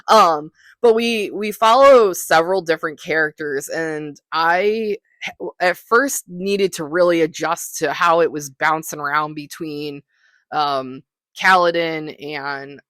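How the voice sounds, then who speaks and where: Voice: mid-range voice, measured pace, fairly bright tone, no room sound, studio quality. A podcast host talking through books in a casual solo monologue, rambling and hesitant with lots of fillers, enthusiastic and self-deprecating.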